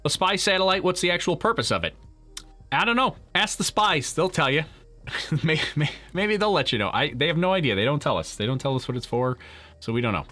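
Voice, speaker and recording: Running a live launch stream, a man reads the chat aloud and answers questions in a loose, rambling way, frequently restarting and laughing. He speaks briskly with a slightly high, sharp voice and lively intonation, over soft background music.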